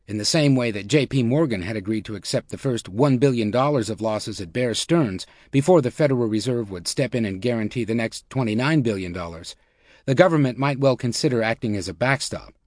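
A man reading nonfiction narration as an audiobook narrator, in a measured, even way. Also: medium pitch, no room sound, clean studio sound.

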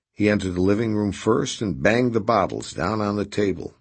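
Deep, husky man narrating an audiobook. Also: animated, normal speed, few pauses.

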